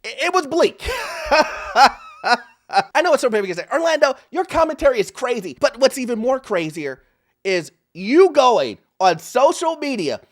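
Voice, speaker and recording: A man with an extremely high voice and big pitch swings speaks at a measured pace. He hosts a commentary show on social media clips, laughing as he reacts and addressing his viewers directly.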